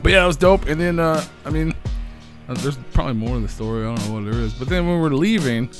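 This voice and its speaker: A man's voice: on the high side, lively intonation, fast, over music. A man hosting a podcast, telling a night-out story in a laid-back, casual way, swearing often and laughing along. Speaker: podcast host.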